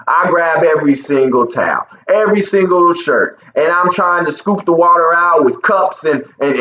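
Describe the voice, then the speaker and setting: A man's voice: on the high side, pushed and bright, echoey room, dull audio. A man in his thirties from Texas, telling a personal story as a motivational speaker and speaking directly to listeners. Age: 30s.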